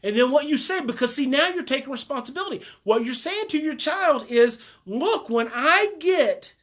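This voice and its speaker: Woman parenting coach, high voice, emphatic and repetitive, direct coaching talk. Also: animated, a little fast. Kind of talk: live parenting advice talk.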